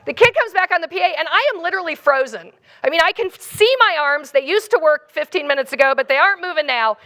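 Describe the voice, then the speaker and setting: A woman keynote speaker telling a funny personal story in an animated, comic way. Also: very high-pitched, fast talker.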